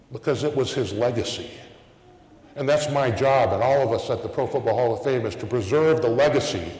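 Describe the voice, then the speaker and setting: A middle-aged man giving a commencement speech at a podium, telling stories in a folksy way with repeated starts. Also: medium pitch. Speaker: commencement speaker. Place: large hall at a graduation ceremony. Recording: echoey hall with long reverb.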